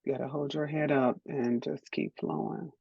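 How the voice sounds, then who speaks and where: A woman's voice: a bass voice, fairly even intonation, normal speed, gravelly, slightly rough, dry recording, dull audio. A middle-aged woman from Detroit, a DJ and producer, giving candid interview answers in a frank, emphatic, encouraging way. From Detroit, USA.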